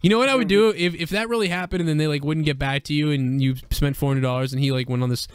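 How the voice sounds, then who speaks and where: Man, casual podcast host, slightly high voice, dry close sound, excitable, swearing. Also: fast talker, smooth, no room sound. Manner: profane, excitable, laughs a lot. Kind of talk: casual chat.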